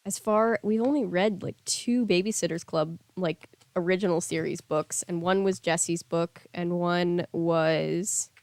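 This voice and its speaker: A woman's voice: lowish voice, no room sound. A woman streamer reading a novel aloud on stream, with casual asides and self-corrections.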